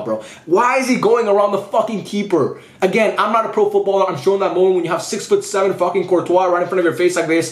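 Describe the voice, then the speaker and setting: A man's voice: high-pitched, roomy sound. A man ranting casually after a football match, frustrated and swearing, rambling with lots of restarts. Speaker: football vlogger. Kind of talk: post-match rant.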